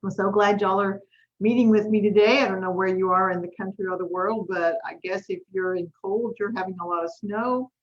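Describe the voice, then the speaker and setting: A life coach hosting a casual live stream tells a story in a friendly, chatty way, saying "y'all" as she goes. Her mid-range voice keeps a fairly even intonation and a brisk pace, though the recording sounds muffled.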